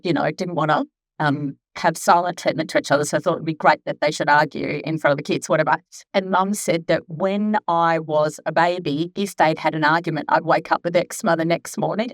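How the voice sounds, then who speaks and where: A woman's voice: on the low side, no room sound. Chatty woman in her fifties. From Australia. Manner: chatty, rambling, with many asides. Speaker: skin therapist speaking at a wellness event. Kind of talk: casual talk at a live event. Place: clinic event room.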